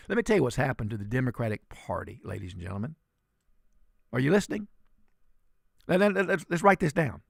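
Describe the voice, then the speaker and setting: A man's voice: fairly high pitch, expressive, a little fast, gravelly, no echo, studio quality. A man, filling in as a talk radio host and delivering fiery, indignant commentary.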